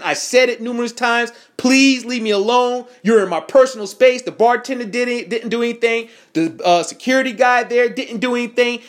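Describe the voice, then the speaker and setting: Heated, profane man telling a story. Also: sits high. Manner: heated, profane, animated retelling with quoted dialogue. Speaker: veteran recounting an incident. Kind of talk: angry first-person account to camera.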